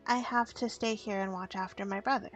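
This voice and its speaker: A woman's voice: medium pitch, fairly even intonation, fairly quick, lo-fi sound, close to an everyday voice. A woman voicing an earnest young woman who looks after her little brother, speaking sincerely and a bit pleadingly in a role-play.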